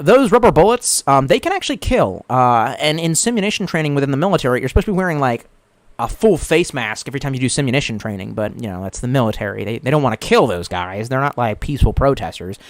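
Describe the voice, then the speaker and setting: A fast-talking man with a mid-range voice and big pitch swings streams live, with no echo. He rambles casually, curses freely, reads out viewers' comments, and retells jokes in put-on voices.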